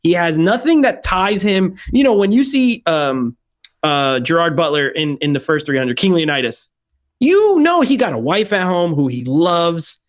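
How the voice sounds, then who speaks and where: A man's voice: a little high, sing-song, moderate pace. A young man hosting a movie review podcast, chatty and opinionated, often laughing into his words. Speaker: podcast host. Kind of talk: casual movie review chat.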